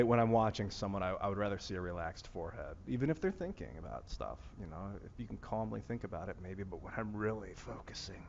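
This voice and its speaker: A fairly low-voiced man with a Northeast Ohio accent rambles through a casual vlog, musing and restarting his sentences. The sound is dull and lo-fi, with a long reverb trailing his words. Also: creaky, darkish tone, slight background noise. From Northeast Ohio, USA. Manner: musing, meandering, many fillers and restarts. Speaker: vlogger. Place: outdoor rooftop among plants.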